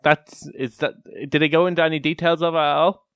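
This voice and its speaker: A man's voice: fairly high pitch, flat delivery, fairly quick, a bit bright, clear, resonant tone, no echo, clean studio sound. A man co-hosting a casual podcast chat, joking, rambling and swearing freely. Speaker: podcast co-host.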